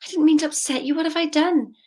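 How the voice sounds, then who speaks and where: A woman's voice: steady tone, quick pace, a little mellow, natural voice. Flustered aunt, as a woman puts her on. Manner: high, anxious apologising. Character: flustered kindly aunt, apologetic.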